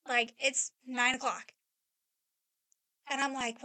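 A woman's voice: high-pitched, steady tone, moderate pace, pushed and bright. A woman in her thirties chatting on a podcast, telling a rambling personal story full of "like". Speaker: podcast co-host, mother. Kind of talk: casual chat, personal storytelling.

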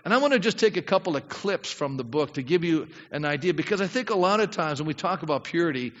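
A middle-aged pastor preaches a sermon conversationally, asking his congregation questions and acting out prayers in a church sanctuary. His voice is fairly high, animated, fast, and a bit bright. The recording sounds dull, with long hall reverb.

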